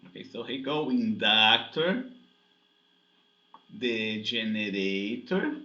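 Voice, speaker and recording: This classroom physics lecture features a man with a lowish, bright, pushed voice, lively intonation and a slow delivery. He works through the material step by step, often checking in with "okay?" and "right?" The recording sounds echoey and dull.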